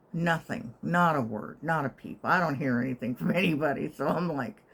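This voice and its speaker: A woman's voice: deep voice, moderate pace, vocal fry, hardly any pauses, bright, forceful tone. An older woman living in assisted living, telling a wry, chatty story to her channel and sometimes whispering her inner thoughts. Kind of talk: casual storytelling to camera.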